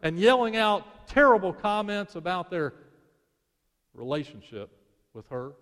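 A male preacher telling a sermon story dramatically, swelling to intensity and then dropping to a hush. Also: high voice, sing-song, unhurried. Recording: long reverb of a large hall.

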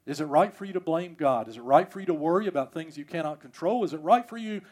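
A male pastor preaching in church with a high, bright voice. He builds to loud emphatic peaks, then drops to a hush. The delivery is heartfelt and full of swings in volume. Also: animated, quick pace. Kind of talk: sermon. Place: church, service also streamed.

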